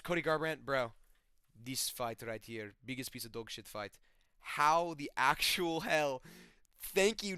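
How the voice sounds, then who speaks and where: A man's voice: on the high side, fairly bright tone, smooth, dry recording. Young man, casual fight recap, rambling and profane, dry close sound. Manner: rambling, profane, self-correcting. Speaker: MMA fight reviewer.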